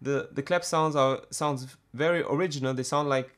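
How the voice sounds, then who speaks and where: A man teaching a music production tutorial, talking in a halting way with many fillers and restarts. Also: medium pitch, steady tone, fairly bright tone. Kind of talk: screen-recorded software tutorial.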